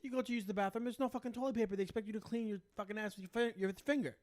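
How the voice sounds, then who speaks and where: A man co-hosting a casual podcast, telling stories in an animated, profane way. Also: high voice, rapid-fire, no room sound. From United States. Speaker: podcast co-host. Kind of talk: casual chat.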